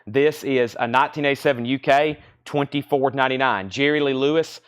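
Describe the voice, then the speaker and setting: A man's voice: medium pitch, fairly quick, smooth. A man from the American South with a Southern accent, hosting a live-stream vinyl record sale from a record shop. He reads out album titles, bids and prices between chatty asides. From Southern United States. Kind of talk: live-stream auction chat.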